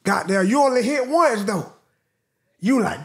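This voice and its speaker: A man hosting a reaction video, reacting with loud, animated exclamations and slangy asides. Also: sits high, unhurried, creaky. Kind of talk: excited reaction commentary.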